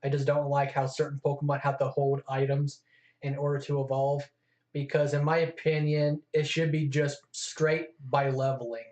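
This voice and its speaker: A man's voice: medium pitch, little pitch movement, normal speed, a little mellow. A man co-hosting a casual chat, talking eagerly and freely. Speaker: co-host. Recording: echoey room, dull lo-fi sound.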